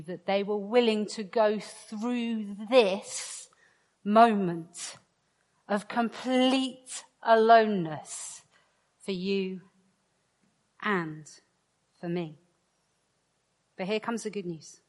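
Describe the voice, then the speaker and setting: A woman's voice: mid-range voice, darkish tone. Woman preaching in a reverberant hall. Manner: playful and joking with the crowd, then slow and emphatic. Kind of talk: interactive sermon to a congregation.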